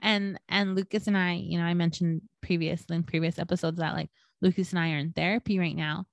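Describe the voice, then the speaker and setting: Low-voiced woman swearing through a casual podcast story. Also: steady tone, brisk, gravelly, no echo. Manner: swears freely, storytelling with lots of fillers. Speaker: podcast co-host.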